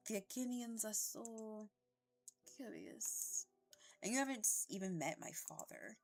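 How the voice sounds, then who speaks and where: A woman voicing a calm male smoker in a dating game, putting on a French accent and speaking quietly and unhurriedly. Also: on the low side, moderate pace, creaky, soft background music. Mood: teasing. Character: soft-spoken man, calm cigarette smoker.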